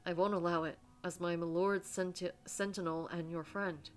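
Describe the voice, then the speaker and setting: Woman reading loyal giant bodyguard man, low voice, steady and earnest, visual novel. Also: moderate pace, close to an everyday voice. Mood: resolute. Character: wounded giant male guard, loyal and protective.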